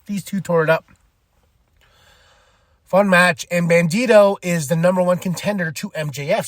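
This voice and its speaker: A man's voice: a little high, dry recording, clean studio sound. A man hosting a podcast, giving rambling, enthusiastic fan commentary and often laughing. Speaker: podcast host. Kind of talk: casual commentary.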